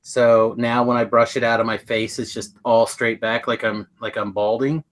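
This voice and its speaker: On a webcam video call, a middle-aged podcast co-host rambles and cracks jokes in a relaxed chat, sometimes humming tunes. He talks at normal speed in a medium-pitched, flat voice.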